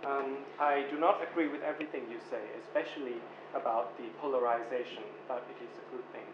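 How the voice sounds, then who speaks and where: A man from the audience, speaking hesitantly with many pauses and fillers as he voices his disagreement. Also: medium pitch, fairly even intonation. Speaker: audience member. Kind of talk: public Q&A comment. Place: university lecture room. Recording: echoey lecture hall, dull lo-fi sound, noisy.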